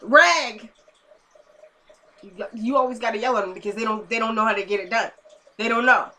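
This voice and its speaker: A young woman talks straight to camera in a loose, chatty recap, her voice bright and forward. She retells scenes by slipping into the characters' lines, dropping low and quiet for the dialogue, then springing back up when she gives her own take. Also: quick pace. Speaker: TV episode reviewer. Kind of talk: casual recap vlog.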